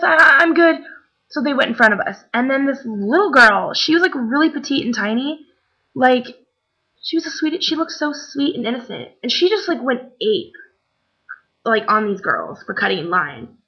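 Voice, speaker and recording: A woman's voice: on the high side, sing-song, normal speed, slightly rough, dull audio. A young woman casually telling a story to the camera, chatty, with many fillers, acting out what others said. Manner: chatty, many fillers, acts out quoted voices.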